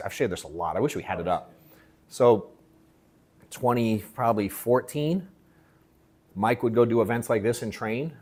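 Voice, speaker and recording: A man coaching a live workshop audience on sales, telling a story in casual, slangy, profane speech with animated acted-out quotes. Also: fairly low pitch. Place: event room at an in-person workshop.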